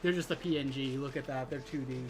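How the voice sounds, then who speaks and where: A woman's voice: extremely low pitch, fast, music in the background. A woman co-hosting a game stream, chatting in a teasing, laid-back way. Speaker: streamer co-host. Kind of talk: casual game-stream chat.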